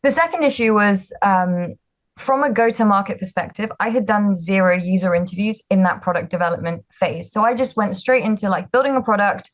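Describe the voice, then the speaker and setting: A woman's voice: mid-range voice, brisk. A young woman from the UK, a startup founder telling her story in a candid, self-deprecating way, with many fillers and restarts. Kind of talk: casual storytelling talk.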